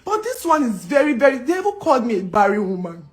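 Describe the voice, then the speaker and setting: A woman's voice: a little high, very animated, fast. Upset woman pleading her case. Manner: pleading and indignant, repeating phrases. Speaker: business owner responding to online claims. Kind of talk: emotional direct-to-camera rant.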